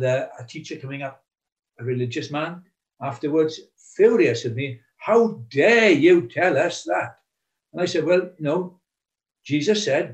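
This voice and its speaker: A middle-aged man preaching a sermon, earnest and emphatic, telling stories to drive his points home. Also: rough recording. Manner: earnest, emphatic storytelling with lively swings in pitch and loudness.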